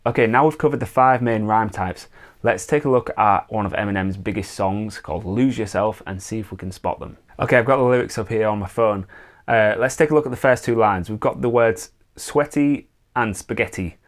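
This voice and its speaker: A man with a fairly low voice gives a casual songwriting lesson. He explains each point patiently and step by step, and often fills pauses with "uh" and "um". His accent is not American. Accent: non-American English. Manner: relaxed, explains step by step with many "uh" and "um" fillers. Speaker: songwriting teacher.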